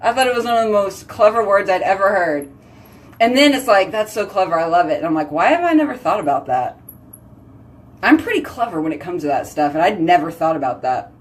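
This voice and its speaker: A woman's voice: mid-range voice, expressive, brisk, recorded from a distance. A woman hosting a casual live video chat, telling giggly stories and answering viewer comments. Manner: chatty, giggly storytelling. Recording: voice slightly off-mic.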